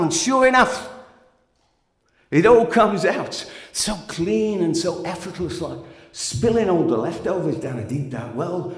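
A high-voiced man performing a spoken-word story, his pitch rising and falling all over as he swings between wry humor and frustration. His voice rings out in a large echoey hall with a long reverb tail. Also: lively intonation, a little slow.

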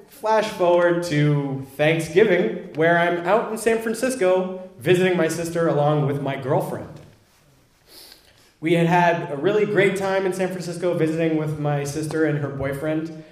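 A man's voice: fairly high pitch, echoey room. A young man candidly telling a self-deprecating personal story, acting out what people said.

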